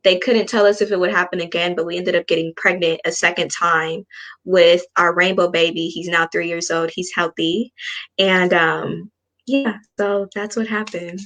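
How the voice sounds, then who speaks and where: Woman, twenties, low-pitched guest, candid and earnest storyteller. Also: fairly even intonation, moderate pace, a bit bright. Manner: earnest, frank, acts out past dialogue. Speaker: spiritual coach guest. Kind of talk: personal storytelling in an interview.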